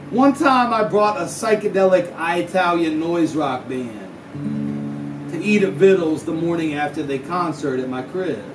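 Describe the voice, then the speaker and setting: A man telling a hyperbolic, slang-heavy comic story at a live house show, with a drawling delivery. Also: a little high. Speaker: musician telling a story on stage. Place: small house-show venue. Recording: echoey room, far mic, live music. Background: guitar.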